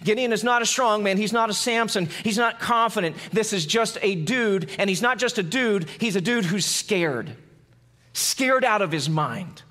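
High-voiced man preaching conversationally. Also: animated, moderate pace. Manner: conversational preaching with acted-out quotes; drops low and quiet for emphasis. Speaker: pastor. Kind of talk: sermon.

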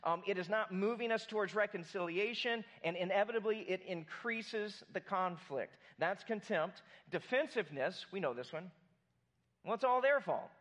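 A man's voice: sits high, moderate pace, few pauses, fairly bright tone. A man preaching a sermon to his congregation, conversational and joking with the room. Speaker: pastor.

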